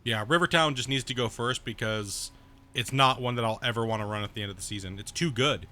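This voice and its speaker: A man's voice: a little fast, bright, forceful tone. A man streaming a video game at home, thinking aloud and correcting himself as he plans his next moves. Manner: baby-talks to his cat in a high voice. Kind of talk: casual game commentary.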